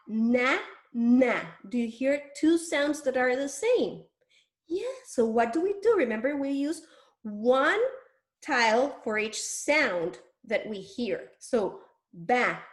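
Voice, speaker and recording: Woman teacher, kinda high voice, breaks words into syllables real slow and exaggerated, encouraging, echoey room. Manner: exaggerated mouth movements, sounding out syllables. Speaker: early reading teacher. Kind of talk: demonstration lesson.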